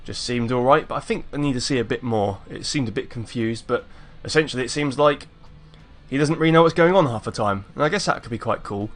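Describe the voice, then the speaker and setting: A man's voice: medium pitch, brisk, fairly bright tone, soft background music. Laid-back English man reviewing. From England. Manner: laid-back, chatty, meandering. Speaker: YouTube reaction host. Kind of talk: casual reaction commentary.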